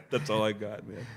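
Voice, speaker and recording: A man's voice: on the high side, fairly bright tone, husky. A man co-hosting a car podcast, chatting casually and jokingly. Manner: jokey, drifts into voices and accents. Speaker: podcast co-host. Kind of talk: casual chat.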